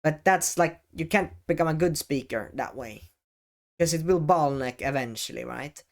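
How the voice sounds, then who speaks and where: A man who makes educational videos, giving advice straight to the camera in a deliberate way, with pauses and stress on key words. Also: on the high side, gravelly. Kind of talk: talking-head advice vlog. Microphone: camera-facing setup.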